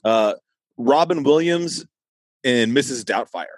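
A laid-back man hosting a podcast, running the segment with a joking, easygoing manner. His voice is mid-pitched for a man and recorded dry and close. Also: lively intonation, slow, no echo, low-quality recording. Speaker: podcast host.

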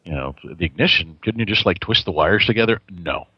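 A man's voice: low voice, animated, brisk, slightly rough, no room sound. A man co-hosting a podcast in casual banter, wisecracking and swearing freely. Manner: wisecracking and profane. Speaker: podcast co-host. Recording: slightly dull lo-fi sound.

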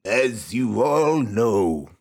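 A man voicing a grave old fairy king in a comedic read-aloud of a children's book, speaking slowly and solemnly. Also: fairly low pitch, big pitch swings, a little mellow, voice pushed down, heavily acted.

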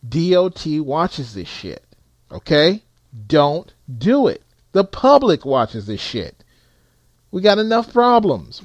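Blunt, animated male trucker ranting. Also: on the high side, dry recording. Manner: blunt, profane, emphatic. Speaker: truck driver and vlogger. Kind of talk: blunt ranting advice to viewers.

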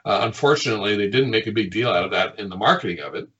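A man's voice: lowish voice, rapid-fire, muffled recording. Chuckling man telling old work stories. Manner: lively storyteller who chuckles often and acts out quotes. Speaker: game designer. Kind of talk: reminiscing anecdotes in an interview.

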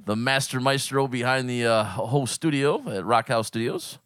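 A man's voice: mid-range voice, normal speed, fairly bright tone, no echo, studio quality. A man hosting a casual podcast, swearing freely and telling stories with plenty of laughter. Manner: profane, laughing storyteller. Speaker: podcast host and founder.

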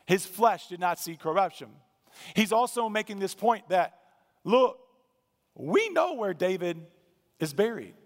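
A man's voice: high voice, very animated, unhurried, pauses often, in a large hall. A man preaching a sermon as a pastor, talking conversationally and leaning hard on key words. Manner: conversational, emphatic, with dry asides.

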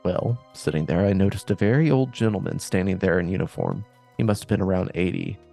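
Deep-voiced joking podcast host. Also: male voice, big pitch swings, brisk, vocal fry, dark tone, faint music behind. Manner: reads listener stories with joking asides. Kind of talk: casual podcast storytelling.

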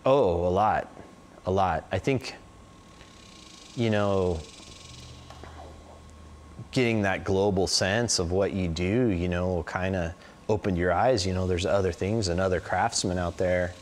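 Guy in his 40s rambling thru road stories, lowish voice, says like a lot, faint background hum. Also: measured pace, long pauses. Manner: rambling, peppered with "like" and "you know". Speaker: interview guest. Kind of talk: casual interview storytelling.

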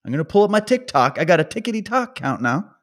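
A man's voice: sits high, sing-song, quick pace, a bit bright. Rambling, ranting man. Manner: ranting, sarcastic, rambling with fillers. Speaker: vlogger. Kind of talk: casual opinion monologue.

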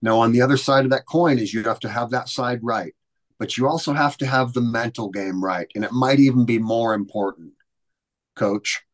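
A man speaks as a guest, a youth soccer coach, in an earnest and measured tone. His voice sits at a medium pitch for a man. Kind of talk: casual podcast chat.

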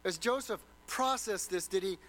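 A man's voice: high-pitched, moderate pace, a bit bright, a little hiss or hum, poor audio. A man preaching a sermon, retelling a story dramatically and posing rhetorical questions.

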